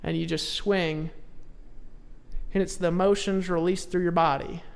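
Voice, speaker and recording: This sales trainer's high, steady voice is gravelly yet clear and resonant, paced in a measured way with a big-room sound. He swings from hushed storytelling to loud exhortation, pressing his motivational seminar audience with repeated short commands.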